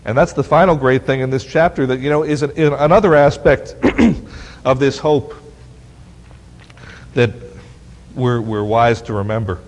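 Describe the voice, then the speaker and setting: A man preaching a sermon as pastor, animated and often asking the congregation questions. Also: medium pitch, a little slow, long pauses. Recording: long hall reverb.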